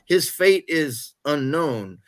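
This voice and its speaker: A man's voice: on the high side, lively intonation, slow pace. A man on a casual film podcast, recalling details tentatively. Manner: tentative, recalls things half-sure. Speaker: podcast panelist.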